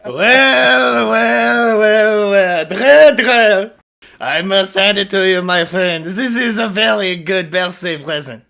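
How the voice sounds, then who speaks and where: A man's voice: fairly high pitch, big pitch swings, normal speed, bright, forceful tone, heavily acted. A man voicing a boisterous swashbuckling male rogue, grandiose and playful in a tabletop game.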